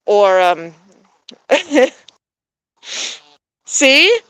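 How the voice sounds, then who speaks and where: A woman's voice: high voice, very animated, extremely slow, background noise. A woman in her thirties who grew up in Germany as an American, chatting casually to viewers, laughing often and filling her talk with ums and restarts. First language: bilingual German and English. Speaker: backyard poultry vlogger.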